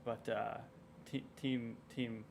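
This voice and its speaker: Male co-caster, easygoing, sponsor shout-outs, mid pitch, faint background noise. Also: little pitch movement, slow pace, creaky. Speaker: esports co-commentator. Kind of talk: live stream commentary.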